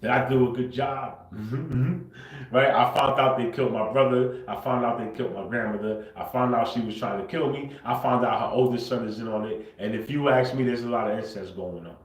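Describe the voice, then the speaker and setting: A man on a livestream delivers a confrontational, repetitive rant at medium pitch. He drops to a mutter, then bursts out loud. The room adds a clear echo. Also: fairly even intonation, fairly quick. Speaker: livestream host.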